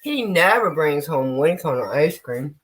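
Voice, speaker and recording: A woman's voice: sits low, big pitch swings, a little slow, very noisy. An American woman chatting casually on a live stream, swearing freely and talking straight to her viewers. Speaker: vlogger.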